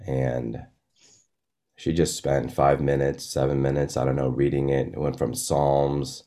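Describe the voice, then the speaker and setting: A man preaching in a slow, meditative way. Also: extremely low pitch, little pitch movement, dark tone. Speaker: pastor. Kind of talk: sermon.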